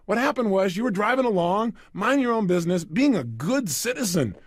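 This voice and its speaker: High, lively motivational speaker man. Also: brisk, breathy edge, no echo, clean studio sound. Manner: animated, poses questions to the audience and acts out little scenes. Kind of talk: motivational seminar talk.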